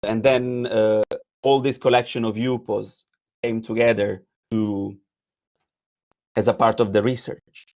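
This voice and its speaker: A man's voice: on the low side, little pitch movement, measured pace, pauses often, darkish tone, dull audio. Italian-accented man giving an art lecture. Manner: hesitant, with frequent fillers and restarts. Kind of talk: lecture presenting slides, partly read aloud.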